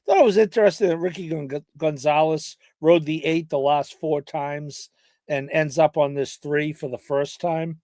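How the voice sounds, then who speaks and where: A man co-hosting a podcast, casually talking through his horse race picks in a hesitant way, with many pauses and restarts. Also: on the high side, fairly even intonation, a little mellow, no room sound. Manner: hesitant, lots of fillers and restarts. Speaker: podcast co-host handicapping horse races. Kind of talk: casual chat.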